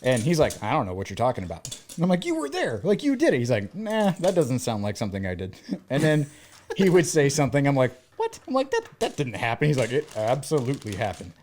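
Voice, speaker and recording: A man's voice: medium pitch, fast talker, a little hiss or hum. A man in his thirties from the American South, co-hosting a podcast in casual chat and telling stories by acting out the things people said. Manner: animated storyteller who acts out quoted dialogue. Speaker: podcast co-host.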